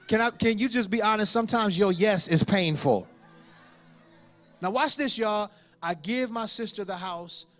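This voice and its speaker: Man, 40s, pastor, sermon, animated storytelling, slightly high pitch, faint music. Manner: storytelling with animated impressions and laughter.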